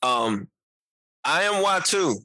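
A man in casual conversation reviewing an album, animated, laughing often and talking in loose slang. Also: on the high side, takes it slowly, no room sound, rough recording. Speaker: podcast co-host. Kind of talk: casual music review chat.

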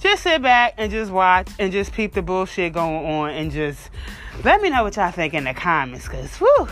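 A woman's voice: fairly low pitch, big pitch swings, moderate pace, fairly bright tone, faint music behind. A woman hosting a podcast, ranting bluntly and mockingly in casual chat, full of profanity. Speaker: podcast host. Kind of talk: casual opinion rant.

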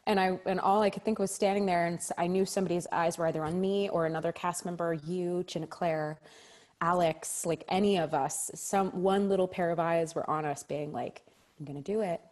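A young adult woman, a stage actress guest in a casual interview chat, telling animated stories and acting out children's reactions. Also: fairly low pitch, fairly quick. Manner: animated storyteller, acts out kids' reactions.

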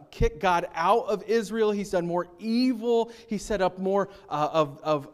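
A male pastor with a notably high voice delivering a sermon. His explanations are casual and full of restarts, and his scripture reading swings between loud and soft. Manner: animated reading, rising loud for quoted mockery and dropping soft for prayer.

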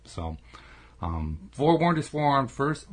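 A man's voice: mid-range voice, sing-song, measured pace, slightly rough. A middle-aged man co-hosting a podcast, chatty and telling stories with frequent laughs. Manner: chatty, storytelling, laughs often. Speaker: podcast co-host. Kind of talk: casual podcast chat.

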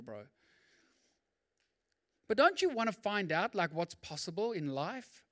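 Speaking in a high-pitched voice, a pastor gives a spirited, chatty sermon, complete with rapid asides and quotes he performs aloud.

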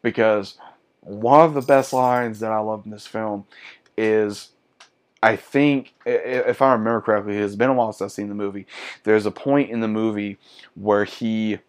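A man's voice: on the low side, steady tone, normal speed. A man in his thirties, chatty and enthusiastic, giving a casual movie review to his viewers.

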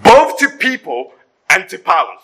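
Man preaching, high bright husky voice, animated sermon with wry jokes. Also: a little slow, poor audio. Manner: animated preaching with humorous asides. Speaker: pastor. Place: church service before a congregation.

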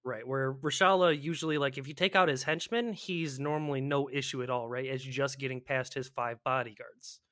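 A man casually chatting about a video game with a co-host, animated and profane, often acting out panicked players. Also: medium pitch, moderate pace, few pauses, dry recording, studio quality. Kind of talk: casual gaming chat.

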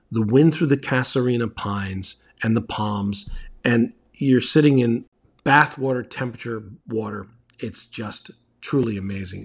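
Man, middle-aged, husky, casual storytelling, rambling, mid-pitched. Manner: rambling, friendly, many fillers and restarts.

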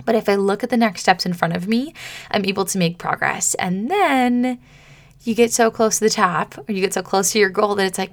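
A woman's voice: mid-range voice, a little fast. Chatty woman podcast coach. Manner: chatty and animated, acting out her own inner voice. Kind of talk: casual solo podcast talk.

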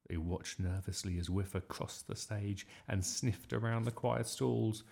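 A man reading a children's story aloud in a lively, expressive way. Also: fairly low pitch, a little slow, creaky. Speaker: storybook reader.

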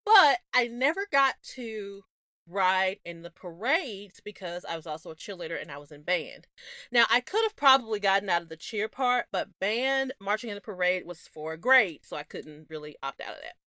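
A young adult woman co-hosting a podcast, telling stories in a casual, animated way, laughing often. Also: mid-range voice, moderate pace, no room sound, clean studio sound. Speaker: podcast co-host. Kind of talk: casual chat.

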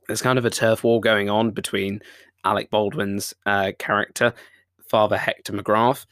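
Male podcast host, low voice, dry close sound, enthusiastic rambling reviewer. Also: a bit bright, no echo. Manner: chatty and enthusiastic, frequent "uh" fillers. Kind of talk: casual film review monologue.

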